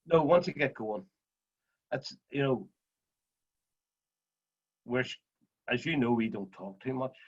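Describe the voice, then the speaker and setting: A man's voice: mid-range voice, expressive, takes it slowly, pauses often, breathy edge, lo-fi sound. A man with a Northern Irish accent, a guest in a casual video call interview, chatty and fond of telling funny stories. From Northern Ireland. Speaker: guest driver. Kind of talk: casual interview chat, storytelling.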